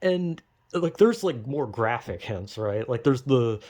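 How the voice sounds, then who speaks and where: Delivering a casual monologue at a measured pace, a young man with a medium-pitched, slightly mellow voice sounds animated. He wanders from point to point, curses freely, and imitates people in goofy voices when quoting them.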